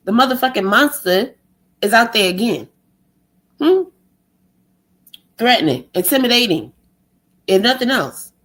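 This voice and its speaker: A woman vlogger with a slightly high voice delivers a profane, exasperated rant on a low-quality recording. She's sarcastic and swears heavily, firing rhetorical questions and mimicking others in a mocking, put-on tone.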